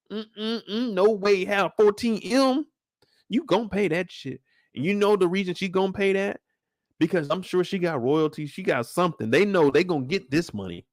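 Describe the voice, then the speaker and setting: Young guy streamer rambling and joking in slang, kinda high voice, dead dry mic. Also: no room sound. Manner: loose and joking, slangy, breaks into high falsetto singing. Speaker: streamer host. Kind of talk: casual live-stream chat.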